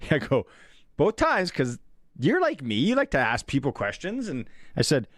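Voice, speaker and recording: A man's voice: mid-range voice, moderate pace, no echo, clean studio sound. A Canadian man hosting a sports radio show, telling stories in casual talk and acting out the voices of the people he quotes. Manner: animated storyteller, acts out quoted voices. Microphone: studio microphone.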